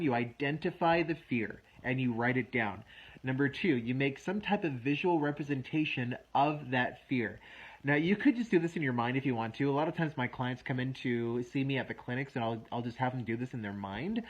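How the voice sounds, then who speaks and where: A man in his thirties with a husky, slightly breathy voice walks through a self-help exercise one step at a time. He sounds relaxed and pokes fun at himself now and then. The recording is a little dull and muffled. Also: medium pitch. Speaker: wellness coach. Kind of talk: instructional talk to camera.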